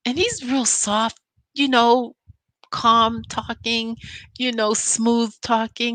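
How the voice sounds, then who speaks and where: A woman's voice: on the high side, animated, a little slow, a bit bright, no echo. A woman vlogger giving a casual, emphatic recap of a reality show episode, telling it like a story.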